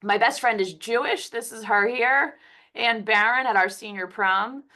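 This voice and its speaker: Speaking over a computer mic, a woman doctor from Philadelphia presents a conversational webinar while fighting a cold. Her voice runs on the high side, sharp in tone, and she takes her time.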